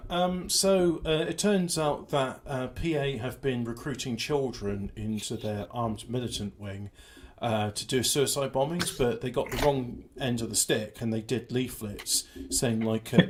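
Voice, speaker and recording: A man hosting casual livestream banter, rambling with a mock sales-pitch delivery into a home computer microphone. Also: measured pace, few pauses, a little hiss or hum. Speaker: show host.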